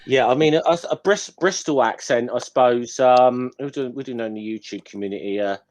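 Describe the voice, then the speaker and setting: A man's voice: medium pitch, fairly quick, darkish tone. A man chatting casually on a quiz podcast, hesitant and full of restarts.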